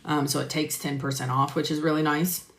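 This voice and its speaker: Chatty low-voiced woman in echoey room. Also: flat delivery, brisk. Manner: chatty, answers viewers by name, many fillers. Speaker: medical coding instructor. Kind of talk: casual live-stream chat with viewers. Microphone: phone or computer mic on a live stream. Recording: roomy echo.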